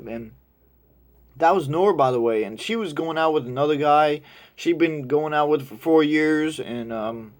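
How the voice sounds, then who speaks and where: A young man tells a story in a loose, rambling way, swearing freely. His voice sits fairly high for a man. He gets animated whenever he imitates the people in the story. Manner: crude, rambling, animated when quoting others. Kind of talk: casual storytelling.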